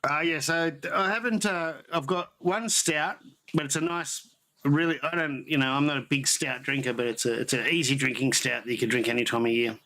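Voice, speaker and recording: On a rough recording, a man's fairly high voice comes across pushed and bright, a little fast, with fairly even intonation. He's chatting loosely on his homebrewing livestream, wandering off topic and self-correcting while he tastes beer.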